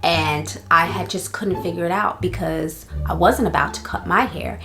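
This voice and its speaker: A young woman casually telling a personal story for her vlog, chatty and animated, with many fillers. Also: on the low side, moderate pace. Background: faint background music.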